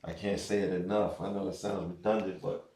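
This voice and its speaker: A man's voice: low-pitched, little pitch movement, brisk, gravelly, dark tone, roomy sound, recorded from a distance. A man hosting a podcast in a casual interview chat, talking laid-back and slangy with lots of fillers. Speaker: podcast host.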